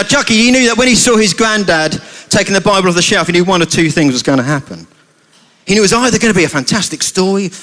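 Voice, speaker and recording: A British man with a high, slightly bright voice narrates a playful story during a family church service, regularly asking the children questions.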